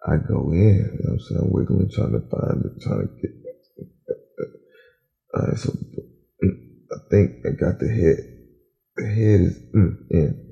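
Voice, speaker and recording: A man hosting a podcast, telling a profane story in an animated, casual way. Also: low-pitched, unhurried, gravelly, pauses often, dull audio, soft background music. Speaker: podcast host.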